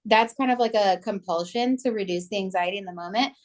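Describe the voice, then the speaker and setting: A woman's voice: mid-range voice, fast. Chatty woman podcaster. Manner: chatty, many "like" and "you know" fillers. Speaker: podcast co-host. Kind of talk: casual podcast conversation.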